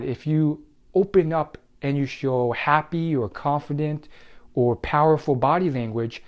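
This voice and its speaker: Young guy explaining confidence tips, casual, lots of uh and restarts, mid pitch. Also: darkish tone. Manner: conversational, many fillers and restarts, explaining tips. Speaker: self-help video host. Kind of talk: casual talk to camera.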